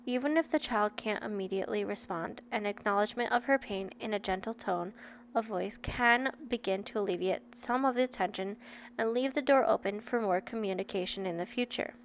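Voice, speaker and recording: A woman's voice: medium pitch, moderate pace, fairly bright tone. A woman in her thirties reading a book aloud and breaking off into candid, chatty personal asides to her viewers. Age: 30s.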